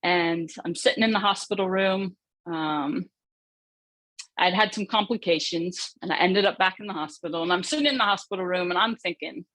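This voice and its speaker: A woman's voice: lowish voice, moderate pace, fairly bright tone, dry recording. A woman giving an earnest, reflective keynote speech, telling a personal story and asking rhetorical questions. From United States. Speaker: conference speaker, former footballer.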